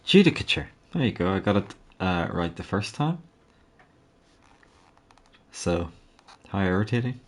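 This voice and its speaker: A man's voice: low voice, lively intonation, measured pace, pauses often. A young man streaming a game, chatting in a rambling, self-deprecating way. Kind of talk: casual gaming stream commentary.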